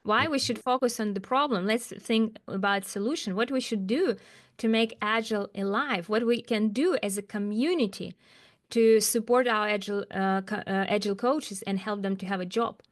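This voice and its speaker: A woman speaking as an as an interview guest, talking about her work with emphatic, animated rhetorical questions. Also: medium pitch, moderate pace. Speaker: guest, agile coach. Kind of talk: interview conversation.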